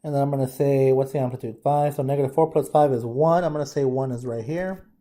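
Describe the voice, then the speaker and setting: A man's voice: medium pitch, steady tone, fast, mellow. A man teaching a math lesson, thinking aloud casually as he works problems and addresses the class as guys. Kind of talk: informal lesson walkthrough.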